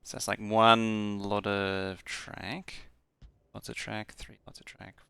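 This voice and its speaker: Man, game streamer, slow mumbling, gravelly fry, bright edgy tone, a bit tipsy, counting to himself. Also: lowish voice, little pitch movement, no room sound. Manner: mumbles half-sentences to himself, counting aloud. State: tipsy from beers. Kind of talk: casual muttering while playing.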